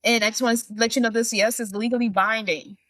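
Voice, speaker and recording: A woman co-hosting a podcast, casually recapping a film and acting out the characters' lines in animated bursts. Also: on the high side, fast talker, no room sound. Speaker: podcast co-host.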